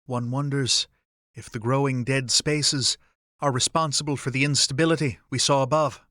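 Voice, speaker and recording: Calm, detached Fae man speaking in measured, formal phrases, as a male narrator puts him on. The audiobook voice is close and dry, with a middle pitch. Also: no room sound, natural voice. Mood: remote.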